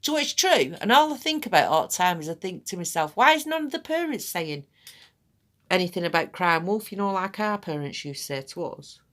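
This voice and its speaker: A woman's voice: on the low side, expressive, fairly quick, hardly any pauses, fairly bright tone. A middle-aged woman chatting casually in a rambling, blunt way while demonstrating a treatment. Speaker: aesthetics practitioner.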